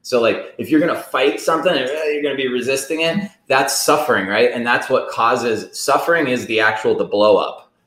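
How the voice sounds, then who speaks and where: Man, podcast co-host, casual rambling talk, mid-pitched voice, echoey room. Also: a little fast, few pauses. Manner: rambling, animated, acts out inner voices. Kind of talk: casual conversation.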